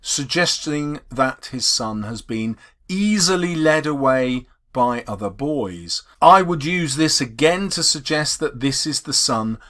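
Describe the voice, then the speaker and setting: Male English teacher, lively pitch, measured explanatory delivery. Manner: explanatory, stresses key words slowly. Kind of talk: poetry analysis lesson.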